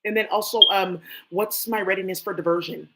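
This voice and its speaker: A woman hosting a tarot stream, talking in a blunt, profane, animated rant, often talking to herself. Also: medium pitch, brisk, very noisy. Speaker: tarot livestream host. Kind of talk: casual ranting monologue.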